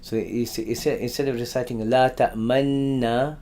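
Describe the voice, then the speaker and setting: A man giving a conversational religious lesson. He often repeats words and clears his throat. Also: mid-range voice, fairly even intonation, fast talker, warm tone, a little hiss or hum. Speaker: Islamic teacher. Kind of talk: religious lesson on Quran stories.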